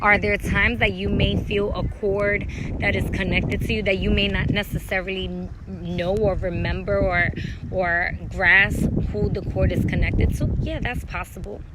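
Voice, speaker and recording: A woman's voice: mid-range voice, steady tone, moderate pace, very noisy. A woman who works as a spiritual healer, talking candidly and bluntly with frequent swearing in a casual vlog, recorded outdoors at a dog park.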